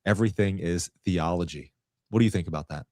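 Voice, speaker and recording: A man hosts a casual podcast chat in a very deep voice, relaxed and agreeable, with plenty of fillers as he talks. The sound is dry and close, with no room around it. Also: fast talker, no echo. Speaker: show host.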